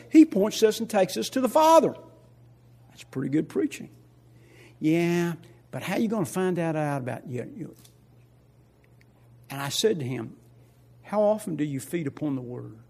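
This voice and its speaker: An older man preaching a sermon as pastor, swinging between loud emphatic lines and quiet asides, repeating key phrases and asking the congregation questions. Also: fairly high pitch, sing-song, normal speed, gravelly, pauses often, breathy edge.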